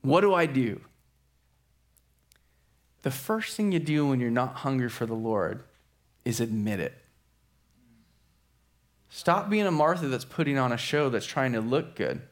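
A man preaching a sermon as a pastor, telling a story with lively acted-out quotes. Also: medium pitch, a little slow, pauses often. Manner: animated storyteller acting out quotes.

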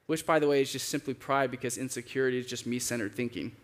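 A man preaching a sermon as a pastor, conversational and lively, acting out the voices he quotes. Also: fast talker, few pauses. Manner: conversational, acts out quoted voices with big pitch jumps.

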